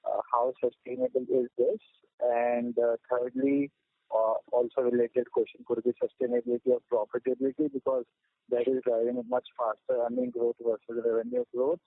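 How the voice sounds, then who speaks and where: A male analyst asks questions on a conference call, hesitant and full of fillers. The phone line sounds narrow and dry, with no room echo. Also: medium pitch.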